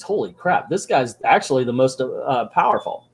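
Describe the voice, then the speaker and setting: A man's voice: fairly high pitch, moderate pace. A man hosting a comic book channel, reading through a comic and making casual, joking asides. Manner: joking, chatty asides with laughs.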